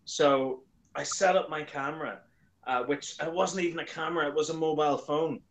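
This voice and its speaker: Animated man telling stories. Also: normal speed, rough recording. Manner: animated storyteller, acts out quoted lines in a higher voice. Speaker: YouTuber guest. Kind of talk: casual chat.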